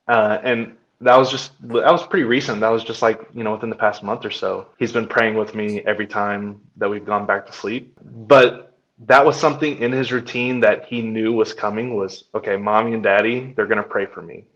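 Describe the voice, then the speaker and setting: Young father telling stories, slightly muffled. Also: on the low side. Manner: storytelling, acting out his son's lines. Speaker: podcast co-host. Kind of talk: casual chat.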